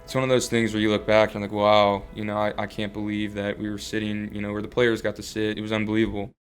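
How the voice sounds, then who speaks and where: A man's voice: on the low side, completely flat delivery, fast talker, smooth, soft background music. A young man in his twenties, talking earnestly in a casual interview as a baseball player, full of fillers and restarts.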